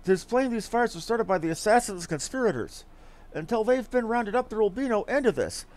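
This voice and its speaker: A grim commander speaks in stern, formal, old-fashioned phrasing, as a man reads him out. The voice sits fairly high and moves a great deal. It is game dialogue voiced by a streamer. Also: lively intonation, a little fast, darkish tone. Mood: urgent. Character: grim male city commander, urgent and formal. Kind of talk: reading game dialogue aloud.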